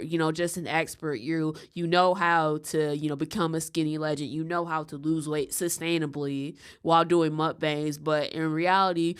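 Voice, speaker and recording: Smooth-voiced sarcastic woman commentator. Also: deep voice. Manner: sarcastic, exasperated. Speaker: reaction commentator. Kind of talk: casual commentary.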